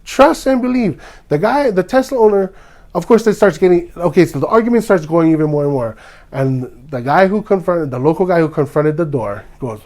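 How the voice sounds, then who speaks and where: A man's voice: on the high side, animated, brisk, darkish tone. A man from Hawaii, hosting a podcast and ranting with heated indignation. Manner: heated and indignant, acts out others' lines. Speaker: podcast host. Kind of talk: ranting commentary.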